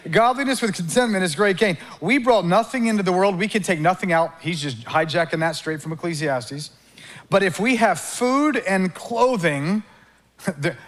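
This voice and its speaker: A man preaching a sermon, calling on the congregation to repeat words and acting out quick inner dialogues. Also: high voice. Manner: animated preaching with call-and-response and acted-out inner dialogues. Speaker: pastor.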